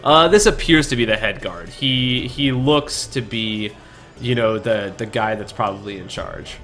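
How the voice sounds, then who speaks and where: A man narrating a tabletop game as game master, halting and restarting often as he describes the scene. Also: lowish voice, a bit bright. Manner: halting, full of restarts and fillers.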